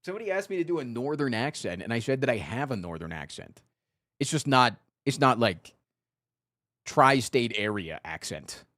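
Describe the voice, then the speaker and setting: A man's voice: mid-range voice, big pitch swings, moderate pace, a bit bright, no echo, studio quality. A young man from Virginia chatting casually on a live stream, joking and swearing, slipping into mock-indignant rants.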